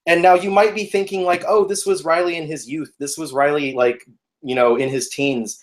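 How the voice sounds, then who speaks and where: Animated young man telling a story. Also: a little high, normal speed. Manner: animated, laughing, acting out the people in his story. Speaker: podcast guest telling a story. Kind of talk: casual storytelling.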